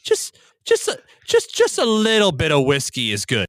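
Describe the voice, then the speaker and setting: A man putting on his elderly grandmother's voice, very high, stammering and brushing off worry. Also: wildly swooping pitch, moderate pace, no echo, studio quality, exaggerated voice. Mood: coaxing. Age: older. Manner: stammering, dismissive. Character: coaxing old grandmother, stammering and dismissive.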